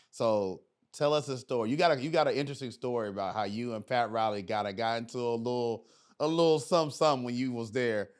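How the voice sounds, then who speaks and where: A man hosting a casual interview, stumbling over his words as he sets up questions. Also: on the low side. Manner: stumbling, repeats words while asking. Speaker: podcast host.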